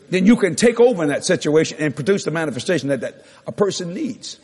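A man preaching a sermon, telling a story with lively acted-out dialogue and repeating his key lines for emphasis. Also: on the high side, fast talker, hardly any pauses, breathy edge. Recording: long hall reverb.

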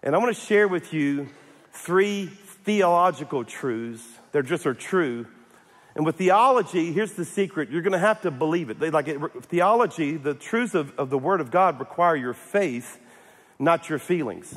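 A man's voice: fairly high pitch, expressive, normal speed, fairly bright tone. A man preaching a sermon in a church, humorous, with restarts and calls for amens. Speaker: pastor. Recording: echoey hall.

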